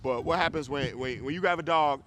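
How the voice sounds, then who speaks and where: A man's voice: a little high, fairly quick, a bit bright, a little hiss or hum. A man with a Chicago accent teaching a dog training group class, talking casually and bluntly, swearing and checking that people follow him.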